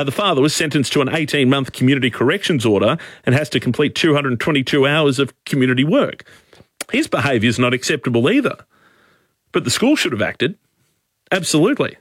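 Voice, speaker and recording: A man's voice: mid-range voice, dry recording, studio quality. A man with an Australian accent hosting a talkback radio program, emphatic and opinionated, pressing his points hard. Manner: forceful, emphatic, repeats points. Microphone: studio microphone.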